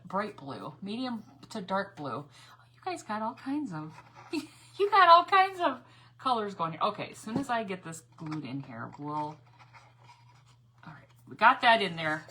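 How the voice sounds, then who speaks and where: A woman's voice: deep voice, sing-song, moderate pace, noisy background. A woman chatting casually with viewers as she paints on a craft livestream, reading their comments aloud.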